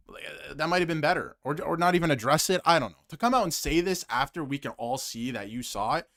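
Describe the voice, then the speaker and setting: Male sports host, fired-up rant, animated pitch, repeats himself for emphasis. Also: fast talker, few pauses. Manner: heated and emphatic, repeats phrases, swings between loud outbursts and muttered asides. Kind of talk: fired-up solo hockey rant to camera, reading super chats.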